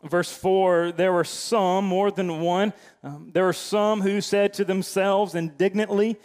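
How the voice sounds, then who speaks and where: Male pastor, higher voice, conversational sermon delivery with restarts, long hall reverb. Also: steady tone, normal speed. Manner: conversational preaching with frequent restarts.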